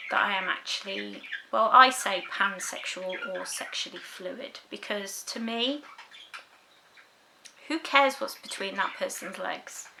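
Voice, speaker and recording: Young woman, personal vlog, halting and reflective, unhurried delivery, some background noise. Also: mid-range voice, bright, forceful tone, poor audio. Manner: thoughtful, halting, many ums. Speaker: vlogger. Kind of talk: casual personal talk to camera.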